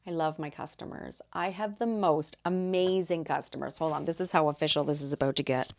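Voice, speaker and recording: A woman in her thirties from Canada, hosting a casual solo podcast and telling lively stories about her market stall. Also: sits low, brisk, few pauses. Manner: chatty, animated storyteller acting out quotes. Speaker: podcast host and market vendor.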